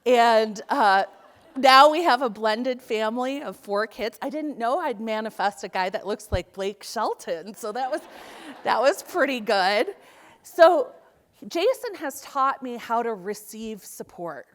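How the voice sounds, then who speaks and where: A middle-aged woman gives a lively motivational keynote from a conference stage and speaks into a microphone. Her voice sits a little high, and she tells her stories with animation. She slips into the voices of the people in them now and then. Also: unhurried. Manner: animated storytelling, acts out quoted voices. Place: conference hall.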